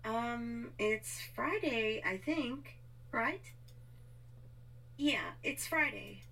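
A woman's voice: a little high, expressive, drawn-out words, creaky, sharp tone, full character voice, poor audio. A woman playing a sleepy, irritated roommate. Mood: annoyed. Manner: drawling, dismissive.

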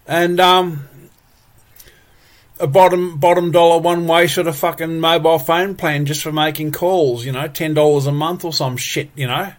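A man's voice: on the high side, fairly even intonation, moderate pace. A man ranting angrily and profanely, full of exasperated repetitions. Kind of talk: angry solo rant.

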